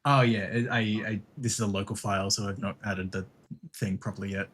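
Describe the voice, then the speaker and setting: Low-voiced man chatting on stream. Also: steady tone, brisk, fairly bright tone. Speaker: streamer, channel host. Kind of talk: casual stream chat.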